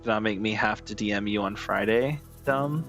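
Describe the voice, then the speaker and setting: A man streaming a game live, chatting casually and excitably with his viewers and swearing freely. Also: lowish voice, normal speed, faint music behind. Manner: profane, excitable, talks to chat.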